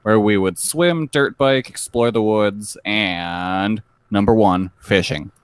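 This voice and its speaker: Low-voiced man reading a list casually. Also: takes it slowly, clean tone, no room sound. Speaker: podcast co-host reading a list. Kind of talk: casual chat.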